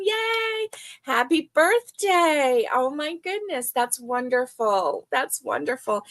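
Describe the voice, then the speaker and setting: An older woman hosting a casual livestream chat, reading viewer comments aloud and talking with many fillers. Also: fairly high pitch. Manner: chatty, warm, with many fillers. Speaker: livestream host.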